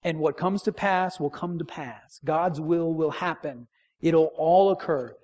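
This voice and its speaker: A middle-aged man preaching a sermon in a church, emphatic, repeating key phrases and dropping to a near hush for stress. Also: on the high side, measured pace. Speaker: pastor.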